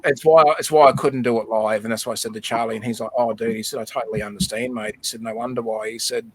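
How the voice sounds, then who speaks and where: A man's voice: medium pitch, steady tone, fast, husky. Man telling a heartfelt story. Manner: emotional storytelling, repeats words. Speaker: livestream host. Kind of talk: casual chat.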